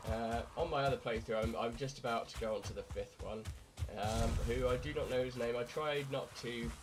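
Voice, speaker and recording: A young man from Britain, hoarse and croaky from a night of drinking, rambling crudely through casual gameplay commentary. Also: mid-range voice, steady tone, moderate pace. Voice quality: raspy, croaky. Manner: rambling, crude, self-mocking. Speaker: gamer. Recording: loud background noise.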